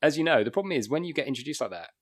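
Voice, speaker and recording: Fast-talking rambling man comedian. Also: a little high, animated. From Wakefield, England. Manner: rambling anecdotal storytelling with restarts and chuckles. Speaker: guest comedian. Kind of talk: casual podcast chat.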